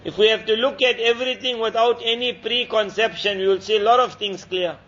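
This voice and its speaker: A man's voice: high voice, steady tone, a little fast, a bit bright. A man giving an Islamic lecture, telling a moral story in an earnest, repetitive preaching manner. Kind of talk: storytelling sermon. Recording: dull lo-fi lecture recording.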